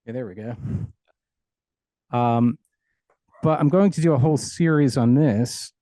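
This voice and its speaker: Middle-aged male audio engineer guest, relaxed warm tone, dry close sound, keen and plain-spoken. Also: mid-range voice, a little slow, dry recording. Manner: enthusiastic, explains technical ideas plainly with self-aware humor. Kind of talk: casual explanatory interview.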